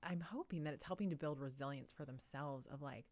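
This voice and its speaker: A woman's voice: very deep voice, fairly quick, a little mellow. A woman in her thirties talking in a thoughtful, reflective way on a podcast and laughing often. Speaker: podcast co-host. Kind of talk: casual conversation.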